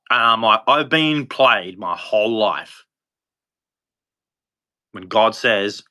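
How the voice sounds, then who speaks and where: Forceful man preaching, rambling. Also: lively intonation, slow, pauses often. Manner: rambling, preachy, jumps in pitch for emphasis. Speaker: livestream host. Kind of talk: impassioned religious monologue.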